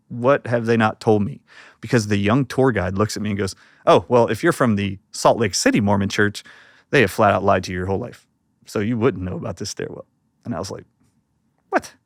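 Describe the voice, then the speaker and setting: Middle-aged man, interview guest, animated storyteller who voices the people he quotes, close dry mic. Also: fairly low pitch, dry recording. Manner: acts out quoted voices while telling a story.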